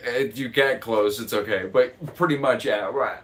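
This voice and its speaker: A man's voice: mid-range voice, normal speed. A man from the United States who runs the chat on a live cooking stream, rambling and joking and laughing often. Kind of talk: casual livestream chat.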